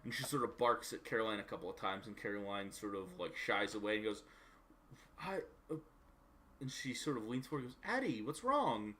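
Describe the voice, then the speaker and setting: Bright-voiced male game master. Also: on the low side, fast, slight background noise. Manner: loose, conversational, lots of "sort of" and "like". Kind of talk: narrating a live-streamed tabletop game.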